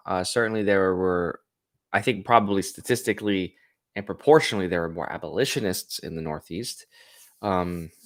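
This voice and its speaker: A man's voice: lowish voice, no room sound, clean studio sound. A man hosting a poetry reading show, talking casually and thinking aloud about the poems. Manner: thinking aloud, musing, with restarts. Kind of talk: casual spoken commentary on poems.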